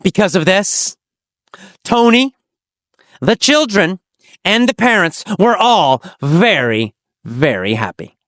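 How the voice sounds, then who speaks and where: An English teacher telling a teaching story, asking simple questions and answering them, with slow, exaggerated storytelling and dramatic pitch swings. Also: sing-song, fairly bright tone, no echo, clean studio sound.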